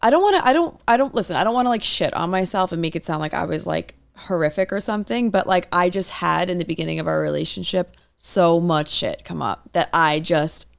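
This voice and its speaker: A woman's voice: on the low side, a little fast, creaky, few pauses. A young woman co-hosting a podcast, chatting supportively with rambling restarts. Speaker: podcast co-host. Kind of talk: casual chat.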